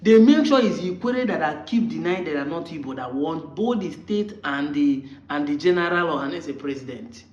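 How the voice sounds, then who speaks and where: A Nigerian-accented man with a high voice argues combatively, hammering his critics with one rhetorical question after another. The sound is roomy and a little dull, like a lo-fi recording in an echoey space. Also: expressive, moderate pace, few pauses. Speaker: online commentator. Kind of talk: argumentative monologue.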